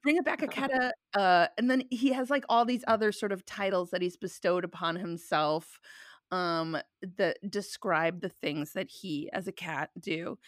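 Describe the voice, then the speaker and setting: A woman in her thirties hosting a podcast, telling stories quickly and playfully. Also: lowish voice, no echo, studio quality. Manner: quick, animated storyteller, playful. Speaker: podcast host. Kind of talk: casual chat.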